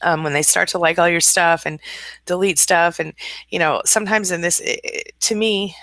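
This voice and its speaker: On a relaxed live stream, a woman with school-age kids greets her viewers by name and reads their comments aloud, saying she's a little tired this morning. Her voice is on the low side and a bit bright, with fairly even intonation and normal speed, and there's no room sound.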